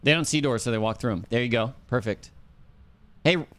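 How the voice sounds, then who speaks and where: A man's voice: medium pitch, a little fast, fairly bright tone. A man streaming a ghost-hunting game, chatting casually and calling out to the ghost and his teammate. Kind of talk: casual gameplay chat.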